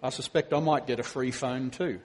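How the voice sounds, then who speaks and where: Husky-voiced man preaching animatedly. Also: medium pitch, normal speed. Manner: animated storytelling, acting out quotes. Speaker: preacher and professor. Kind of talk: conversational sermon.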